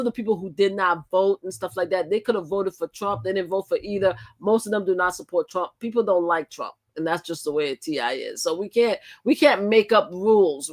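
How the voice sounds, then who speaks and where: An older woman hosting a livestream and reacting to clips. She speaks emphatically, repeats her points and exclaims loudly at what she sees. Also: lowish voice. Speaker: livestream host.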